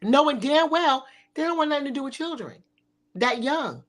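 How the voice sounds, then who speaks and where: This middle-aged woman hosts a podcast talk show full of provocative casual talk, blunt, sassy and peppered with swearing. Her voice is high and expressive, and she speaks at a normal speed.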